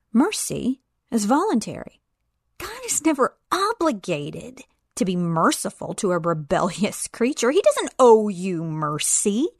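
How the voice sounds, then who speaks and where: A woman's voice: no room sound, studio quality. A woman teaching parents about scripture. She retells a story and acts out the voices of the people in it. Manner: acts out the students and professor with lively shifts of pitch.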